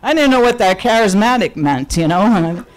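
A woman's voice: medium pitch, animated, moderate pace, low-quality recording. A woman with a New York accent giving a chatty personal testimony at a church service, telling her story with lots of fillers and restarts. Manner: chatty, storytelling, full of fillers and self-corrections.

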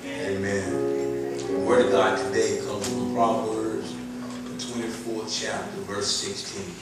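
Southern pastor preaching, lots of amens, echoey church, mic far off. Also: male voice, lowish voice, little pitch movement, takes it slowly, over loud music. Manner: call-and-response preaching, frequent amens, builds to emphatic lines. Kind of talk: sermon. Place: church sanctuary.

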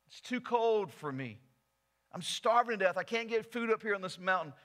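A sly, wheedling talking snake begs and coaxes in a raised, bright voice, with a man acting him out. It is a fable told from the pulpit, high and pointed in tone. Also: animated, normal speed. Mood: pleading. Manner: wheedling, coaxing.

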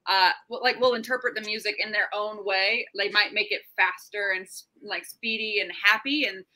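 A woman's voice: mid-range voice, steady tone, normal speed, bright, forceful tone, low-quality recording. A woman co-hosting a casual chat, loose and joking, swearing freely and tripping over her words. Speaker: podcast co-host.

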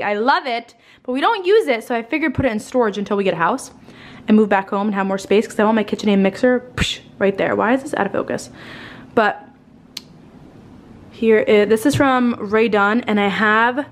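A woman's voice: medium pitch, slight background noise. A young woman vlogging at home in a casual, rambling, chatty way, sounding tired and a little out of breath, with casual swearing. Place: at home indoors.

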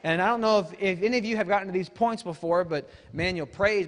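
Man, guest preacher, fairly high voice, emphatic sermon with casual asides, long church hall echo. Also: quick pace, few pauses. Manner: emphatic, rises to shouts, conversational asides.

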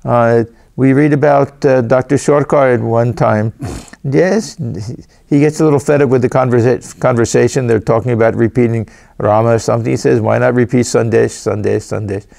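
A man, a swami, reading scripture aloud and explaining it in a gentle way, often repeating and restarting his phrases. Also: medium pitch, fairly even intonation, normal speed, vocal fry. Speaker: swami giving scripture commentary. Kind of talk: reading with spoken commentary.

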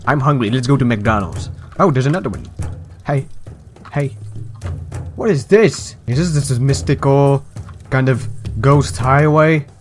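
A man's voice: medium pitch, a little slow, pauses often, soft background music. A young man hosting a gaming video, giving playful, jokey commentary and narrating the game as a mock story. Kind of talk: casual let's-play commentary.

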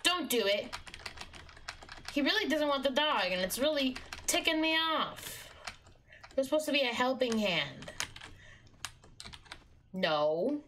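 A young woman narrates her game live in a high, bright voice, taking her time with each word. She swings from shrieking protests to low, grumbling asides at her companion. Faint keyboard clicks sit under her desk mic. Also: sing-song, slow, pauses often, slight background noise. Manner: exasperated, yelling at her companion, swings between shrieks and mutters. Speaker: streamer.

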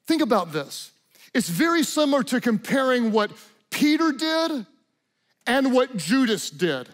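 A man preaching a sermon, swinging between loud emphatic declarations and hushed, intimate tones. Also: very high-pitched, big pitch swings, measured pace. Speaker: pastor.

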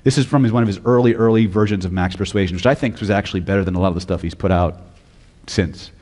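A man's voice: deep voice, quick pace, a little mellow, in a large hall. A man teaching hypnosis at a live seminar, blunt and profane, often quizzing the audience. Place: lecture hall with audience.

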